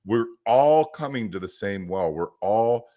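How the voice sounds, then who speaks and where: Male co-host, low voice, animated storyteller who plays out the dialogue. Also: a little slow. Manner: energetic storyteller, acts out quotes. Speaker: podcast co-host. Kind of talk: casual chat.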